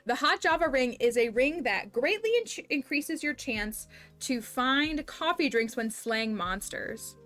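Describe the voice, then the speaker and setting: A woman's voice: high-pitched, lively intonation, measured pace, fairly bright tone. Chatty woman streamer over game music. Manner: chatty, self-interrupting, explains game mechanics. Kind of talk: casual gameplay livestream chat.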